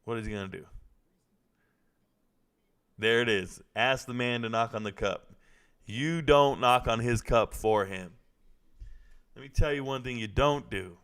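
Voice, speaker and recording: A man's voice: medium pitch, measured pace, long pauses, fairly bright tone, clean tone. Young guy riffing on a live fight stream, joking around, chatting with viewers, regular mid voice. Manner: joking, loose and chatty, talking to viewers in chat. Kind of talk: casual live reaction commentary.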